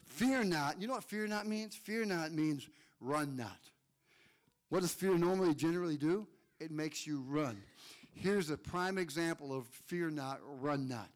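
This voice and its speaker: A male pastor preaching a fired-up sermon, calling on listeners by name. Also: on the high side.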